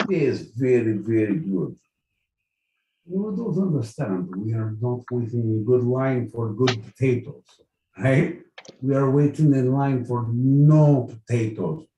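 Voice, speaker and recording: A man's voice: mid-range voice, slow pace, a little hiss or hum, pitched below the performer's own voice. A man putting on a gloomy mock-Russian grumbler. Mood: deadpan. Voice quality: deadpan, broken grammar. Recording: echoey room, mic at a distance.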